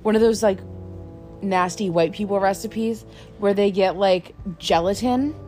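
A woman's voice: mid-range voice, unhurried, darkish tone, soft background music. A young woman co-hosting a podcast in casual chat, rambling, laughing often and swearing freely. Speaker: podcast co-host.

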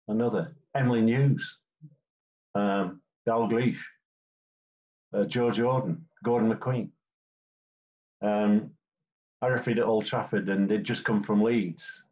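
An older Englishman who used to referee football chats through interview anecdotes, acting out what players said to him. His voice is lowish with a darkish tone, captured on a dull lo-fi recording.

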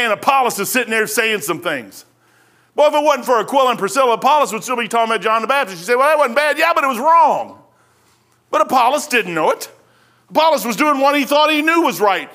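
A middle-aged male pastor preaching a sermon in a folksy, rambling storytelling way, with loud bursts. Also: high voice.

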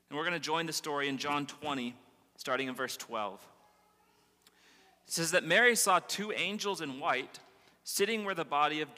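A man's voice: on the high side, sharp tone. A young man preaching a sermon as a pastor, earnest and emphatic, often restarting phrases as he tells stories. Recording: long reverb of a large hall.

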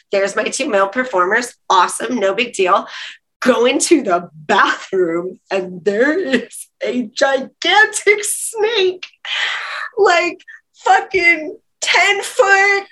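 A woman in her forties chatting casually as a guest, a candid and lively storyteller who laughs often. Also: medium pitch, rough recording. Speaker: podcast guest. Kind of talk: casual chat.

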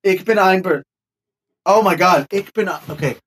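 A man in casual podcast chat, jokey and quick to laugh. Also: high voice, fairly bright tone, husky. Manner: giggly, jokey, playful asides.

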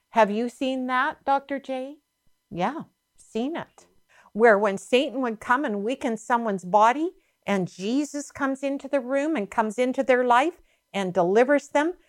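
A woman's voice: mid-range voice, no echo, clean studio sound. A middle-aged woman preaching a sermon, reading scripture dramatically and emphatically.

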